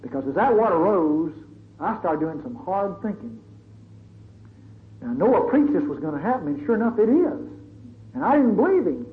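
A man's voice: high voice, very animated, normal speed, long pauses. A male preacher giving a sermon in a dramatic, conversational storytelling manner. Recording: tinny phone-like recording, faint hiss.

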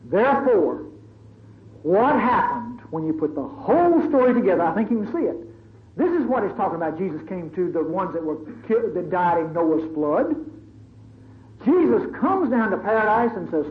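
High-voiced preacher on a tinny recording. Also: male voice, big pitch swings, moderate pace. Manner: dramatic, conversational, storytelling. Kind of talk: sermon. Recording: tinny phone-like recording, faint hiss.

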